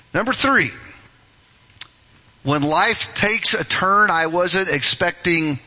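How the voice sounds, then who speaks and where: A middle-aged man preaching a sermon as pastor, emphatic and rising to forceful, high-pitched stresses. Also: breathy edge.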